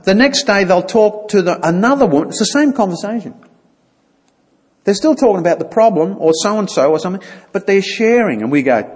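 A man speaks to a church gathering in a plain, chatty way and now and then acts out short exchanges. His voice sits a little high and is slightly husky, with a very animated melody. It rings out with a long hall reverb. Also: fairly quick. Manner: conversational, acts out little dialogues. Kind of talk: informal church talk.

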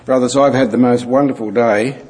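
Preacher in a reverberant hall. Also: male voice, medium pitch, fairly even intonation, darkish tone, slight background noise. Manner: dry humour, halting with fillers. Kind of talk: sermon.

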